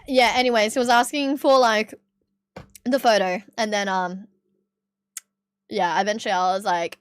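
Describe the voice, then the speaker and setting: A woman's voice: medium pitch, normal speed, long pauses, smooth, no room sound, clean studio sound. An Australian woman streaming live, chatting casually with her chat, swearing freely and laughing often.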